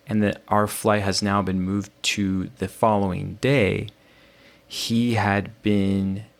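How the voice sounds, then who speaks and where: A man hosting a podcast, telling a personal story in an animated way, often restarting his phrases. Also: on the low side, vocal fry. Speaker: podcast host. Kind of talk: conversational storytelling.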